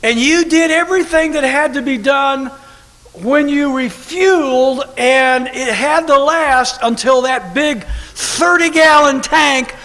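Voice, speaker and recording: A man preaching a sermon at a church service, telling a story with lively, animated delivery that bursts into shouting. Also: extremely high pitch, takes it slowly. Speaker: pastor. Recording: long hall reverb with faint noise.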